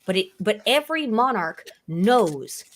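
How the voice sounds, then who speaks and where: A woman's voice: medium pitch, very animated, unhurried. A woman, a guest in a casual livestream debate, arguing emphatically and swearing freely.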